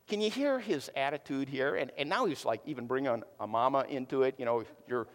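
A man's voice: medium pitch, a little fast. A man preaching a sermon in a casual, chatty storytelling way, full of fillers. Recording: long hall reverb.

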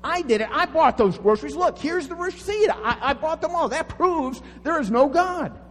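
A man voicing a scornful neighbor who taunts and jeers loudly. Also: sits high, big pitch swings, very fast, in a large hall, voice pushed up. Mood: taunting. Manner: taunting, loud, jeering. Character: mocking scornful male neighbor.

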